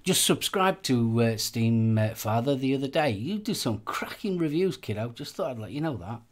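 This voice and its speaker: A man's voice: mid-range voice, very animated, normal speed. A man from England, hosting a live stream in a chatty, rambling way with lots of fillers. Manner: chatty, rambling, with many fillers and repeated phrases. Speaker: host of a live vaping channel show. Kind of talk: casual live-stream chat.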